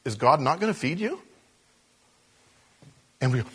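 A man preaching a sermon, shifting between soft hushed moments and loud, animated storytelling. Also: high-pitched, a little slow, slightly rough. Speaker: pastor.

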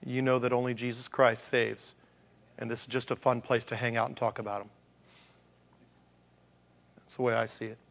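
A man's voice: mid-range voice, level tone, moderate pace, gravelly, long pauses. A male pastor preaching a conversational sermon, asking rhetorical questions and acting out the voices of the people he quotes.

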